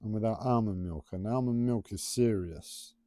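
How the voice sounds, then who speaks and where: A man talks on a solo livestream from home, drifting from one tangent to the next in a self-confessed waffle. His voice sits low and mellow, and he stumbles over his T's. The sound is dry and close, with no room echo. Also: moderate pace. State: struggling to pronounce his T's. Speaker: livestream host. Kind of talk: rambling solo livestream talk.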